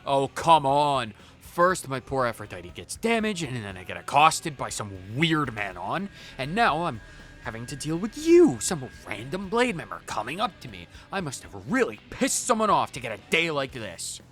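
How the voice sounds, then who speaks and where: A hot-headed young mech pilot rants in loud exasperation, as a man reads his lines aloud. The voice is bright and forward, leaping up and down in pitch, with faint game music behind. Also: expressive, normal speed. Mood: exasperated.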